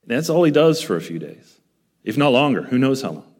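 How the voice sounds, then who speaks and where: A man's voice: medium pitch, very animated, fairly quick, a little mellow. A man preaching a sermon, reading scripture aloud and breaking it open with emphatic rhetorical questions. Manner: reads scripture aloud between explanations. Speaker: pastor.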